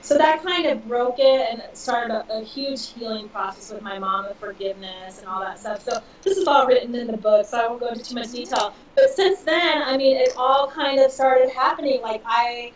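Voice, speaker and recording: A woman in her thirties, a podcast guest, telling a personal story in an emotional, animated way with laughter. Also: on the high side, normal speed, hardly any pauses. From Southern California. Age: 30s. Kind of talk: casual storytelling. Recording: dull, distant, roomy audio.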